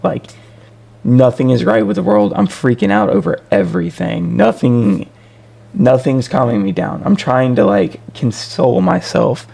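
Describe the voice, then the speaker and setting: A man tells a story in a casual, rambling way, with fillers and restarts. His voice is deeply gravelly, full of vocal fry. His pitch swings widely as he talks. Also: animated, a little slow, mellow. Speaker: vlogger.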